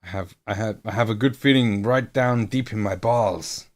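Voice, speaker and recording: Painting miniatures on a live stream, a man in his late thirties chats casually, wandering between topics, joking, and laughing at his own expense. He speaks at a moderate pace with a fairly low pitch.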